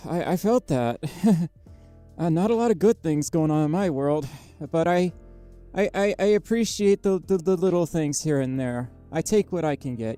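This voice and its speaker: A tired livestreamer chatting casually with viewers, speaking quietly and haltingly, with lots of fillers and a microphone right up against the mouth inside a costume head. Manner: quiet, low-energy, halting with many fillers. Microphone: microphone very close to the mouth inside a costume head.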